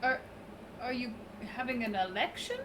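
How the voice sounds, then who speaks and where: A woman's voice: on the high side, normal speed, fairly bright tone. Distant woman player, noisy line. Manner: polite, probing questions. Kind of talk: playing a character in a tabletop game. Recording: distant noisy mic on a call.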